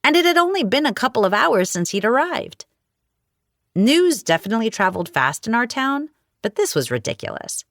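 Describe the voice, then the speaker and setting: A woman narrating a romance audiobook in the first person, with wry, expressive storytelling. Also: fairly high pitch, normal speed, dry recording, clean studio sound.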